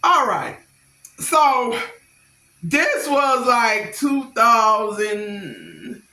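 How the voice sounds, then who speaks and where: A middle-aged woman telling stories on her vlog in an animated, blunt, slangy way, quick to laugh. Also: on the high side. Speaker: vlogger. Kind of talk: casual storytelling. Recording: echoey room.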